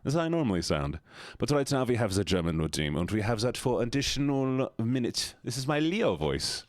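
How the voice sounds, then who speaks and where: A man's voice: medium pitch, very animated, brisk, a little mellow, no echo. A man chatting casually with his live-stream viewers, playful and jokey, slipping in and out of put-on accents and silly voices. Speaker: livestreamer.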